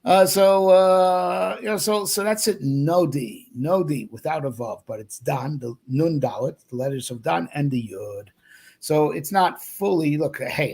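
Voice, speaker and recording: A man's voice: fairly high pitch, creaky, a little mellow, breathy edge. A man, a rabbi, giving a loose, rambling Torah lesson, full of fillers and frequent "right?" check-ins. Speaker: rabbi teaching.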